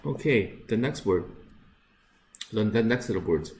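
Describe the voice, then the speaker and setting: A man teaching English pronunciation, repeating each word slowly and carefully, with frequent fillers. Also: on the low side, expressive, darkish tone, a little hiss or hum. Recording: echoey room.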